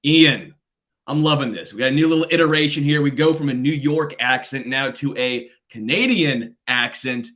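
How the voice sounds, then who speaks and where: A man hosts a football podcast and ribs his co-host playfully. His voice is bright and sharp, at a middle pitch. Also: moderate pace. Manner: playful, teasing. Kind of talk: casual podcast chat.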